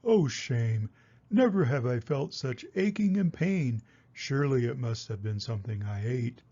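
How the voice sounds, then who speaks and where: An old man doing a deep, groaning storybook wolf. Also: expressive, dark tone, lo-fi sound. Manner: low, groaning, slow. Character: big grumbling male wolf with a stomachache.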